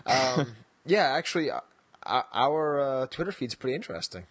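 A man co-hosts a podcast in loose, casual chat, mid-pitched and easygoing. He rambles between topics, laughs often and trails off with "so". His voice sounds dry and close, with no room echo. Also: big pitch swings, normal speed, a bit bright, husky. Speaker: podcast co-host.

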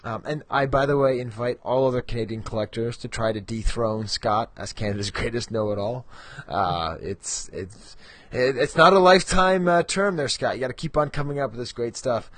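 A man's voice: mid-range voice, moderate pace, few pauses, a bit bright, no room sound. A middle-aged man co-hosting a podcast in casual, rambling chat, laughing at himself often. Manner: rambling, self-mocking, frequent ums and laughs. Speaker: podcast co-host.

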